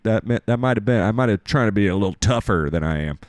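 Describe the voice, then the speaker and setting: A man's voice: low-pitched, fast talker, hardly any pauses, a little mellow, no echo. A man hosting a casual show, telling a crude, self-mocking story about falling ill. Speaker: show host.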